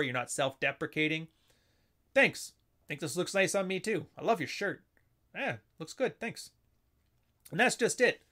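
A man's voice: on the high side, pushed and bright. A man giving casual, unscripted commentary, often acting out little dialogues in shifting voices. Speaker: commentator explaining assertiveness techniques.

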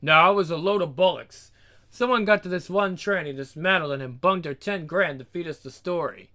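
A man doing a gruff, cursing ringleader. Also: high voice, moderate pace, sharp tone. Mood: scheming.

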